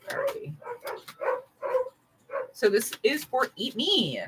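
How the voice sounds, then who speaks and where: A woman's voice: sits high, slight background noise, poor audio. A woman doing a casual live-stream tarot reading, chatty and full of "right?" and "okay?" asides, with dogs barking now and then. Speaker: tarot reader.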